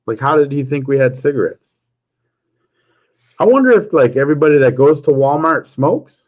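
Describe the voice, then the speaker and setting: A man's voice: on the high side, animated, moderate pace, phone-quality sound. A man hosting a casual livestream chat, telling jokey stories and chuckling often. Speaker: livestream host.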